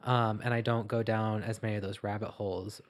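A man co-hosting a podcast in casual chat, playful and quick to poke fun at himself. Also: lowish voice, flat delivery. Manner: playful, self-mocking jokes. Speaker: podcast co-host.

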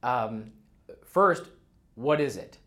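A man's voice: mid-range voice, lively intonation, drawn-out words, a bit bright. A man from Michigan hosts a podcast and interviews his guest. He is enthusiastic and laughs easily, and his questions wander a bit before they land. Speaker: podcast host.

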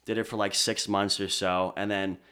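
A young man from Pennsylvania, a DJ guest on a podcast, telling stories in relaxed casual chat, full of fillers. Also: low voice, normal speed, smooth. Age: young adult. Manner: relaxed storyteller, many fillers like "like". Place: podcast studio.

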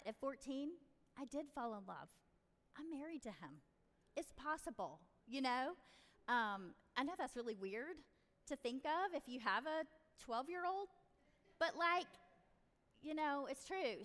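A middle-aged woman giving parenting advice in a chatty, animated storytelling way. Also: high voice. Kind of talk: casual advice talk. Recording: reverberant room.

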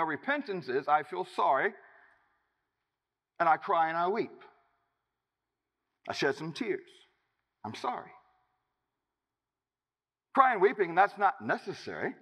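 A man preaching a sermon as pastor, emphatic, with dramatic pauses. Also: sits high, husky, highs cut off. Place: church. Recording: reverberant church hall.

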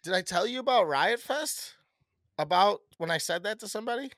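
A young man co-hosting a podcast, telling a story in an animated way with lots of swearing. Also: high-pitched, a little fast, no room sound, clean studio sound. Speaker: podcast co-host. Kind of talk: casual chat.

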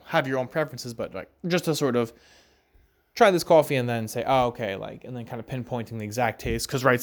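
A man hosting a casual solo podcast chat, rambling loosely with lots of "like" and "right?" and the odd easy laugh. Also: medium pitch. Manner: rambling, filler-heavy, frequent "like" and "right?"; relaxed, laughs now and then. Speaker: podcast host.

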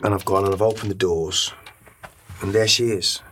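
A man's voice: sits low, fairly even intonation, normal speed, a bit bright, slight background noise. A middle-aged man, a podcast guest, telling an emotional story in a rambling way, with many restarts and casual swearing. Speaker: interview guest.

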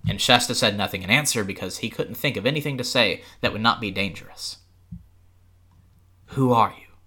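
A man reads a storybook aloud for a podcast in steady, expressive narration. His voice is low but bright and forceful. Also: quick pace, slightly rough. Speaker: podcast host, reader.

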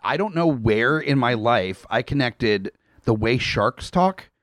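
Male podcast co-host, animated intonation, teasing comic banter, dry close-mic sound. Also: mid-range voice, slow, no room sound. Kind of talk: casual comedic chat.

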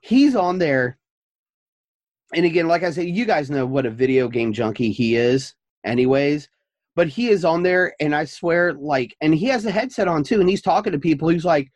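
A man co-hosting a casual podcast, chatting as a father of young kids and telling stories in an animated way. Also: on the high side, normal speed, no room sound. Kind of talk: casual chat.

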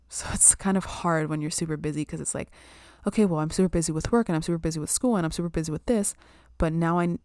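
A woman's voice: deep voice, a little mellow, smooth, dry recording, studio quality. A young woman chatting casually about spirituality and self-care, full of "like" and "um" and casual swearing.

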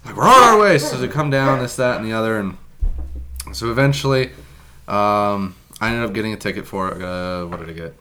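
A man's voice: fairly low pitch, steady tone, a little fast, a bit bright. A young man telling a story in casual podcast chat, laughing often and swearing freely.

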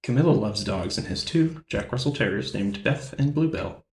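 A man's voice: mid-range voice, expressive, normal speed, darkish tone. A man bantering on a live comedy stream, incredulous and exclaiming. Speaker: reader and player on a comedy show. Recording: roomy echo.

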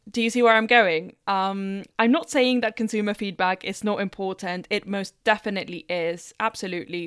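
A woman's voice: medium pitch, fairly bright tone, clean tone, no echo, studio quality. A woman vlogger giving blunt, opinionated commentary.

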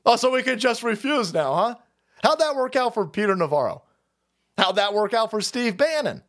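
A man's voice: very high-pitched, very animated, moderate pace, fairly bright tone. A man hosting a livestream, ranting profanely and sarcastically, often laughing. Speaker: host. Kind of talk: livestream political rant.

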